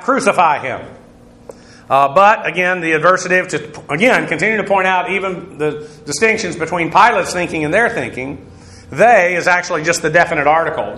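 A man with a fairly high, bright, forceful voice teaches a Bible lesson in a lecturing way. He fills his pauses with "uh" and often repeats and rephrases himself. The room around him is echoey and full of reflections. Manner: lecturing, frequent "uh" fillers, stops to repeat and rephrase. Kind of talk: verse-by-verse Greek Bible lesson.

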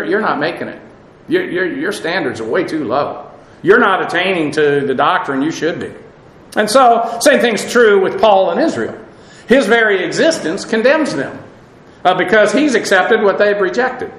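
A man's voice: sits high, a bit bright, roomy sound, poor audio. A man preaching a verse-by-verse sermon, earnest and emphatic, with frequent uhs and repeated words. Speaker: Bible teacher.

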